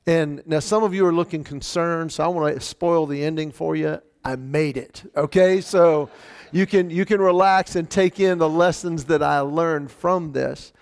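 Gravelly man telling a story on stage. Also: normal speed. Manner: animated, acts out quoted voices with rising pitch. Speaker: speaker telling a personal story. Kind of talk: storytelling talk to a live audience.

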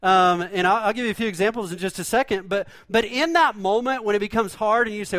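Male pastor, high-pitched, conversational folksy sermon delivery, dry recording. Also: fairly quick, hardly any pauses, a bit bright, dry recording. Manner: folksy, conversational preaching with rhetorical questions.

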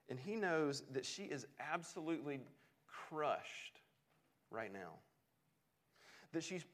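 A man's voice: fairly high pitch, a bit bright. A man preaching a sermon in an earnest way, often repeating words as he restarts a thought. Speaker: pastor.

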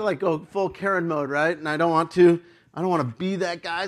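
Pastor guy telling a funny story in a sermon, kinda high voice, laughs at himself a lot. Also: brisk, vocal fry. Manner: animated and self-mocking, often laughing.

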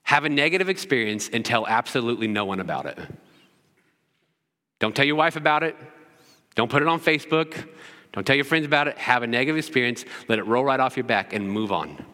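A man pastor delivers a sermon in a bright, forceful voice that carries a lingering reverb through the church. He leans on rhetorical questions and returns to the same short phrase again and again for emphasis. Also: medium pitch, expressive, fairly quick.

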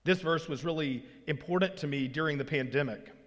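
A man's voice: on the high side, a little fast, big-room sound. A man from Arkansas, preaching a sermon as a pastor in a church, with earnest emphasis that rises on key lines. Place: church sanctuary.

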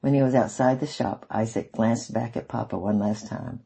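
A man reading a novel aloud in the first person, in a measured way. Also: mid-range voice, steady tone, gravelly, breathy edge. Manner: measured, warm sign-off. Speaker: audiobook reader.

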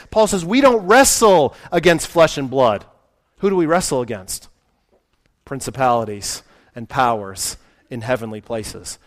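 Speaking in a fairly high voice, a man delivers a conversational sermon. He poses questions to his listeners and acts out the voices of those he quotes.

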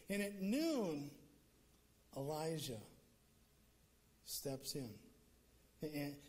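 A male preacher retelling a scripture story in a casual, conversational sermon with joking asides. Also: high voice.

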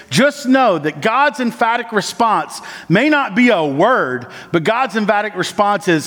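Guy preaching a sermon, kinda high voice, lots of uh and like, long hall echo. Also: sing-song. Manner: swings from raised, urgent lines to low, slow, quiet ones; frequent fillers like "uh" and "like". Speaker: church planting resident preaching. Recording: long church-hall reverb.

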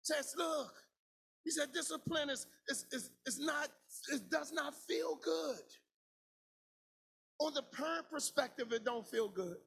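A man preaching a sermon as pastor, in a shouted, sing-song cadence with lots of repetition. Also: very high-pitched, takes it slowly, vocal fry.

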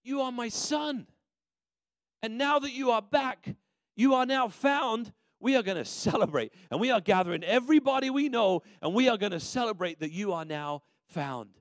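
A man voicing an overjoyed, generous father who loudly orders a celebration for his returned son. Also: very high-pitched, lively intonation, moderate pace, no echo, studio quality, voice pushed up. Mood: jubilant. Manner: exclamatory, commanding.

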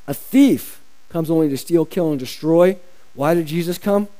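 Male pastor, sermon delivery, high mellow voice, emphatic repetition. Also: normal speed, rough recording. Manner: emphatic, repeats phrases for stress.

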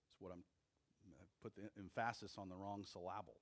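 A male pastor preaching a sermon, with slow, deliberate phrasing and emphatic pauses between short phrases. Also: deep voice, fairly even intonation.

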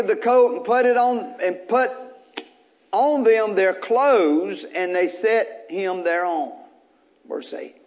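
A male pastor with a very high voice preaches at a church service. He reads scripture and then works through it with the congregation, and he climbs into shouts when the message peaks. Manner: builds to shouting at high points. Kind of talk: sermon.

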